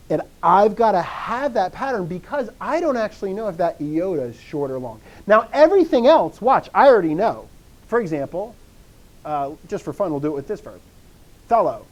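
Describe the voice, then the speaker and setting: Lively, high-voiced man teaching a class. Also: moderate pace. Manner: drilling students with repeated call-and-response questions; energetic, animated bursts of enthusiasm. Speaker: Greek teacher. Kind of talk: classroom lecture.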